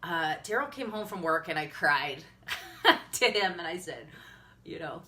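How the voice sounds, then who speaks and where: Casting: earnest Midwestern woman, thirties, bright tone, candid live-video talk. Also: lowish voice, big pitch swings, unhurried. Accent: upper Midwestern American. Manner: candid, earnest, tearful at times, laughs often. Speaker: health and fitness coach.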